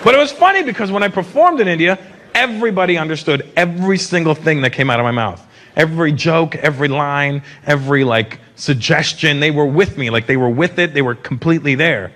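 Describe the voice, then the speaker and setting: This Canadian stand-up comedian, in his fifties, speaks fairly quickly in a slightly high voice as he delivers brash, profane stories on a theater stage. A live stage mic records him amid a loud crowd's laughter and applause.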